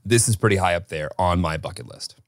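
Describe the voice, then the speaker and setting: A man's voice: sits low, fast talker, no room sound. A man co-hosting a podcast in casual chat, with dry, teasing banter. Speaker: podcast co-host.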